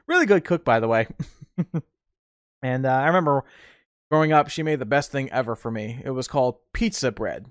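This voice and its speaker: A man's voice: a little high, animated, a little fast, no echo, studio quality. Young man telling stories on a casual podcast. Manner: rambling and conversational, with restarts and laughter. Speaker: podcast host. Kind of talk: casual solo podcast storytelling.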